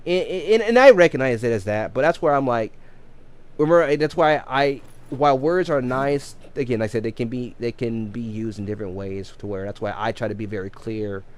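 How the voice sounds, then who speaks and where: A man's voice: medium pitch, fairly quick. A man in his thirties chatting casually on a live game stream, rambling with many restarts and repeated words. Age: 30s.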